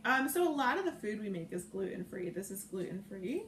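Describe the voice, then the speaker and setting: A woman's voice: medium pitch, big pitch swings, a little fast, few pauses. A woman hosting a live cooking stream, chatting playfully and reading out viewer comments as she cooks. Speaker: cooking show host. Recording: echoey room with faint noise.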